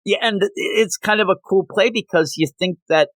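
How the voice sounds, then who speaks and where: A man hosting a comic book review podcast, recapping the plot in a rambling, animated way and slipping into quick voices for the characters. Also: high-pitched, no echo.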